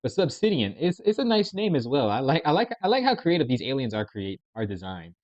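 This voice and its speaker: A man's voice: mid-range voice, very animated, brisk, a little mellow, no echo. A man casually commenting on videos, rambling and hesitant with many restarts. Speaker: reaction video host. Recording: dry, dull lo-fi sound.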